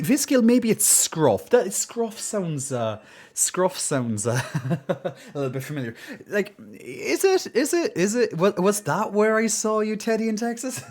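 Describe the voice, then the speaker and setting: A man's voice: a little high, darkish tone. A man chatting casually and playfully to his live-stream viewers, full of fillers and restarts, and at times putting on a mock-solemn tone. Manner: mock-solemn when playing up sad news.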